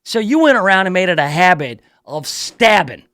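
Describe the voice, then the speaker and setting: A man's voice: high voice, very animated, moderate pace, sharp tone, no room sound. A male radio talk show host reading a news story aloud in a playful, riffing way, drawing out words for emphasis in his studio.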